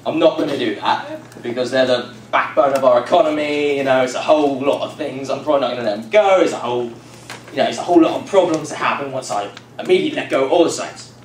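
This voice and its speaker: A man doing a grumpy, stubborn pharaoh, pitched low beneath the storyteller's usual voice. He rattles off lazy excuses with casual dismissiveness. The sound is distant and echoey, with steady room noise behind it. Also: fast, natural voice. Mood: dismissive. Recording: echoey room from far off, noisy.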